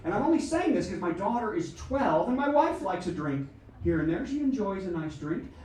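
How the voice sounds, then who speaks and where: A middle-aged American man doing stand-up comedy on a small theatre stage, talking in an animated, exaggerated way and acting out characters. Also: moderate pace, slight background noise. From United States. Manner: animated, exaggerated, acts out shrill voices. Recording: echoey room mic'd from a distance. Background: audience laughter.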